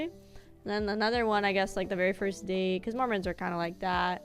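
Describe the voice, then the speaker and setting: A woman's voice: mid-range voice, fairly even intonation, a little fast, gravelly, faint music behind. A young adult woman streaming, chatting casually and at length while she plays, with easy rambling and casual swearing. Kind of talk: casual chat while gaming.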